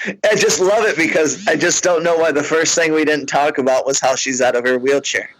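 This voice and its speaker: A man's voice: a little high, brisk, rough recording. Rambling, self-mocking comedian man. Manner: rambling, self-mocking, laughs between lines. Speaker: comedian, podcast host. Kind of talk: casual storytelling.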